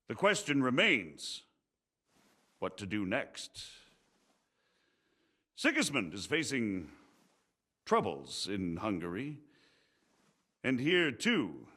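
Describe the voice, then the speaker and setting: A measured noble council leader. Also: male voice, mid-range voice, bright, forceful tone, full character voice. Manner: measured, speechmaking. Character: calm noble leading a council of rebels. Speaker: game character. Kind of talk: video game voice acting.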